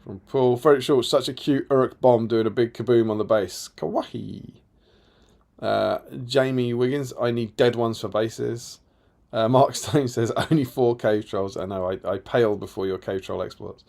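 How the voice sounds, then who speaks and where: A man's voice: medium pitch, fairly even intonation, normal speed, creaky, a little mellow. A man co-hosting a casual live stream, reading viewer comments aloud with a chatty, laughing manner. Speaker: co-host reading chat comments.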